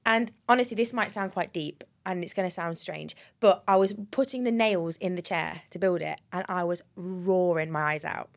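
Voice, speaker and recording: A young woman, co-hosting a podcast and telling a personal story in a chatty, animated way, full of laughs and the odd swear word. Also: on the low side, normal speed, gravelly, hardly any pauses. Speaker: podcast co-host. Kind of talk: casual chat.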